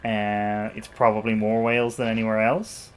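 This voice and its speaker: A man's voice: fairly low pitch, level tone, normal speed. A man co-hosting a game stream, making dry, understated remarks in casual chat.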